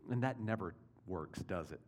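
Male pastor mid-sermon: chatty, leans on "right?" asides, moves between punchy emphasis and quiet. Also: low-pitched, normal speed. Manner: conversational, checks in with listeners with rhetorical questions.

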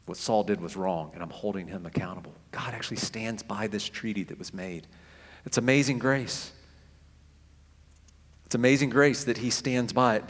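A man preaching a sermon as pastor, animated, often repeating phrases for emphasis and acting out quotes. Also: medium pitch. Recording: echoey hall with long reverb.

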